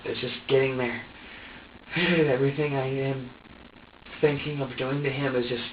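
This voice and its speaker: A man under police questioning who recounts events haltingly, repeating himself and swearing. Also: medium pitch, steady tone, slight background noise. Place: police interrogation room. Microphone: distant room camera mic. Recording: dull, echoey room audio from far off.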